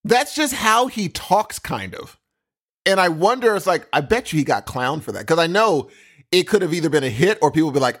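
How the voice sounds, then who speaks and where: A male podcast co-host chatting casually, rambling from thought to thought and slipping into quoted voices. His voice sits a touch high and his pitch moves in lively swings. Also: moderate pace. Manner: animated, rambling, acts out quotes. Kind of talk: casual chat.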